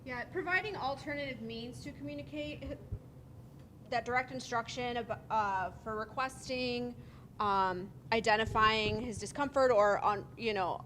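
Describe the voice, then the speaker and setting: A woman social worker talks through her group's ideas one after another in a fairly high voice. A faint rumble sits under the recording. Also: a little slow, fairly bright tone. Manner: thoughtful, talkative, lists ideas. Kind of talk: group share-out.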